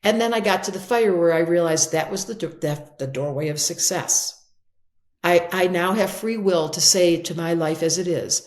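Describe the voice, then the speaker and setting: An older woman, an astrologer guest in an interview, telling stories expressively and acting out quotes in brighter voices. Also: on the low side, normal speed. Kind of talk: animated interview storytelling.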